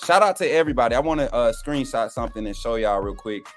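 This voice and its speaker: Over soft background music, a young man with a mid-range voice talks fast as a co-panelist on a sports show. In a relaxed, folksy live stream chat, he addresses his viewers as y'all.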